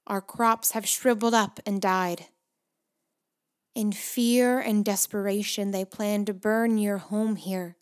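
A proud young princess in a storybook makes a solemn, formal appeal, voiced by a woman narrator. She declaims in measured phrases and projects a little louder than plain reading. Her voice stays near the reader's own middle pitch. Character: proud young princess speaking to forest shadows.

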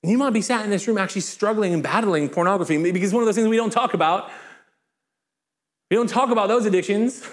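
A man with a high, bright voice preaches a sermon to his congregation. He is lively and informal, dropping joking asides between scripture readings. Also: fast talker. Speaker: pastor. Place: church in front of a congregation.

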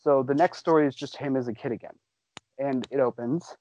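A man hosting a casual podcast, excitedly recapping a show for friends and swearing freely. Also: mid-range voice, brisk, muffled recording.

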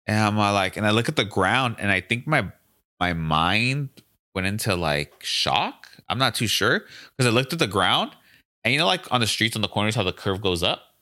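Low, bright-toned man telling a story. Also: lively intonation, normal speed. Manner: loose and profane, acts out quoted voices. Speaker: podcast guest, gym owner. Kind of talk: casual storytelling.

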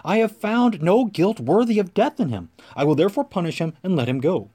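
A man's voice: high voice, sing-song, fairly quick, mellow, breathy edge, pitched above the performer's own voice, exaggerated voice. A man reading the part of an uneasy Roman governor, pressing and questioning earnestly. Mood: pleading.

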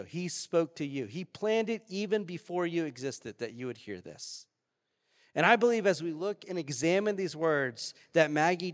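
A young man preaching a sermon as pastor, telling a personal story in a lively, animated way. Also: fairly high pitch. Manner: storytelling, animated, acts out quoted voices. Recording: reverberant church hall.

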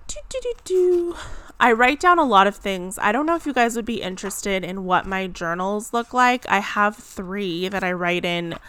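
Bright, chatty young woman vlogger. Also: mid-range voice, normal speed, hardly any pauses, clear, resonant tone. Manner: chatty, rambling, frequent "like" fillers. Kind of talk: casual chat to camera. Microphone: close mic.

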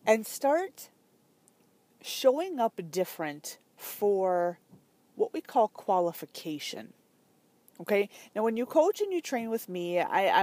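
A woman's voice: lowish voice, a little mellow, no echo. A woman talking as a fitness business coach in a casual, chatty way, full of fillers and emphatic asides.

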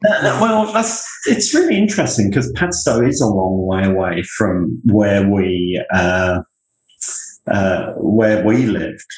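A man's voice: fairly low pitch, animated, takes it slowly, darkish tone, reverberant, poor audio. A middle-aged Englishman with a Northamptonshire accent, telling rambling, self-deprecating stories in an interview. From England. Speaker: interview guest, university leader. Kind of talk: conversational interview.

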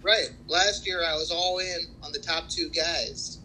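A man chatting casually about his fantasy league, boastful and halting, with lots of restarts. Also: on the high side, sharp tone, a little hiss or hum, rough recording.

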